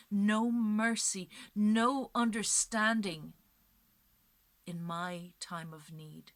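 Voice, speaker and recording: A woman storyteller voicing a heavily pregnant magical woman who pleads for mercy and curses slowly. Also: on the low side, no echo. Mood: cursing. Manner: pleading, then cursing in a slow, hushed voice.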